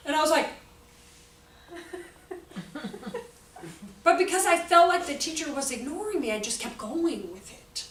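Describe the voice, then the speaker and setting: A woman in her forties giving a jokey, animated talk to an audience about children's behavior and acting out the quotes. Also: sits high, moderate pace, long pauses. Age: 40s. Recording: echoey hall, voice from far off, faint noise.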